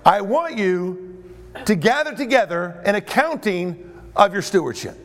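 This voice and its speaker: A man's voice: high voice, animated, measured pace. A man voicing a stern wealthy master who bluntly scolds and fires his servant.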